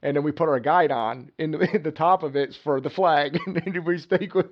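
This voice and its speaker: A man's voice: on the high side, a little fast, dull audio. A man, a podcast guest, telling rambling anecdotes in casual chat and laughing often.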